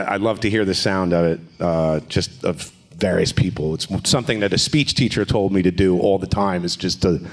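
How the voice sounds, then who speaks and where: A man, a voice actor talking casually on a convention panel, joking and slipping into voices. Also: low voice. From New Jersey. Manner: jokey, slips into character voices. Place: convention stage.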